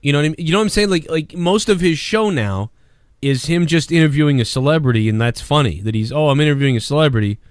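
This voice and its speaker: A man's voice: a little high, expressive, fast talker, no room sound, clean studio sound. A man hosting a crude, profane podcast chat, rambling and mocking. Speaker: podcast host.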